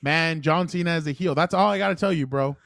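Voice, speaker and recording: A man co-hosting a casual sports podcast, telling stories in an animated way and laughing easily, recorded on a close podcast mic. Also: on the high side, gravelly, dry recording. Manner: animated storyteller, quick to laugh. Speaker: podcast co-host.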